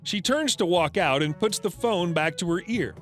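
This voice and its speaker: A man's voice: high voice, lively intonation, moderate pace, a bit bright. A man narrating a retail story in a scripted, matter-of-fact reading. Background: faint background music.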